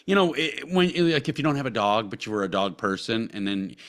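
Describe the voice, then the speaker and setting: A man's voice: on the low side, very animated, a little fast, a bit bright. A man co-hosting a podcast, talking in a crude, rambling way with lots of swearing and restarts. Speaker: podcast co-host. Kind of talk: casual crude podcast banter.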